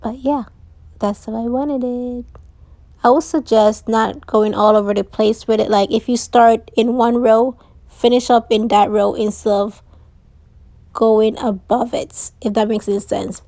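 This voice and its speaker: A woman's voice: a little high, steady tone, a little slow, mellow, no room sound. A woman hosting a DIY craft tutorial, chatting casually and saying she is losing her voice. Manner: chatty, uses "like" and "so yeah". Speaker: DIY crafts channel host.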